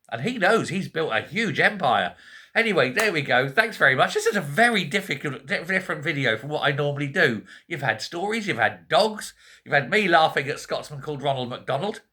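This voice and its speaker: A Scottish man in a quiet home, chatting casually to camera about politics with joking asides and frequent self-corrections. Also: medium pitch. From Scotland. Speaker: political vlogger. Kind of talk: casual rambling commentary to camera.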